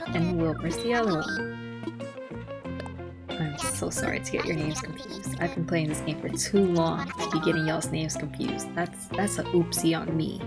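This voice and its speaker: A woman giving relaxed late-night gameplay commentary, rambling, chatting to the game's characters, and often apologizing with self-deprecating asides. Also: deep voice. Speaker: gaming vlogger. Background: soft background music.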